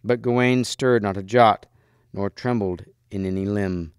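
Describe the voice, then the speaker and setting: A man narrating a storybook in a measured, expressive voice. His tone is low-pitched, smooth and resonant. The sound is close and dry, with no room echo. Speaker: reader. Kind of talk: storybook read-aloud.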